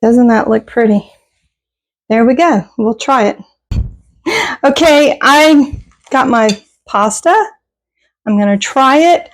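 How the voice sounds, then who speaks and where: A woman talks through her cooking in a home kitchen, her voice sitting a little high. She is chatty and folksy, and she pokes fun at herself in an easy, casual way. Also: slow, long pauses, low-quality recording. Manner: chatty, self-deprecating, folksy. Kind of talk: casual cooking vlog chat.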